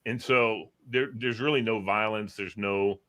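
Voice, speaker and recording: A man hosting a casual chat, telling animated stories and mimicking voices. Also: fairly low pitch, a little slow. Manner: animated storyteller who mimics voices and dialects.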